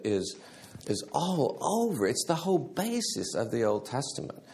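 A man teaching a church Sunday school class in a halting way, restarting words and often clearing his throat. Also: medium pitch, darkish tone.

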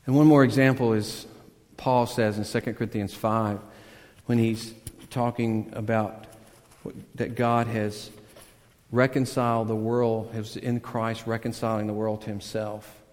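A man's voice: fairly low pitch, flat delivery, a little slow. Earnest preacher man in a reverberant hall. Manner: earnest, builds to loud emphatic peaks then drops to a hush; conversational storytelling with self-deprecating asides. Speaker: pastor. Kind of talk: sermon.

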